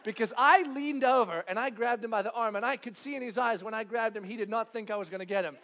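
A man in his thirties, a pastor telling a family story in a sermon, acting out scenes with loud animated bursts. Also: extremely high pitch, fast.

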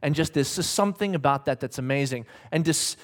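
A man in his thirties preaching, telling a family story with lively acted-out quotes that swing from hushed to shouted. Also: a little high, a little fast. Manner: animated storyteller acting out quotes, shifting between hushed and shouted. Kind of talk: sermon storytelling.

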